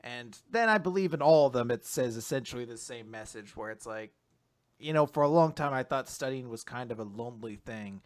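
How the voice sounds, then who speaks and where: A man hosting a podcast, recapping comic chapters in loose, animated casual chat with lots of fillers and the odd swear word. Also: mid-range voice. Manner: loose, animated retelling with quick voices. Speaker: podcast host.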